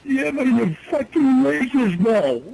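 High pitched guy screaming and cussing on a phone call, super heated. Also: very animated, measured pace, vocal fry, a little hiss or hum. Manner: yelling, heavy swearing. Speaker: caller in archived phone recording.

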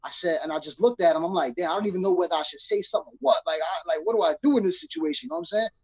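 A young man from New York City, a guest in an interview, tells a story casually in a husky, breathy voice, acting out the people he quotes in street slang. He sounds high, animated, and racing. The recording is close, dry, dull, and slightly lo-fi, with no echo.

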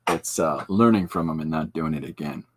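A man in his forties hosting a podcast, telling rambling, self-deprecating stories in casual chat, with halting restarts and frequent laughs. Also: a bass voice, husky. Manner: halting restarts with many fillers. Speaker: podcast host and artist.

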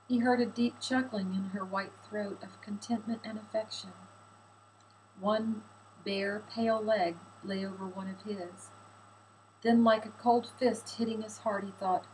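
A woman reading a historical novel aloud in measured, expressive audiobook narration. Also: medium pitch, a little hiss or hum, rough recording. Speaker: audiobook reader.

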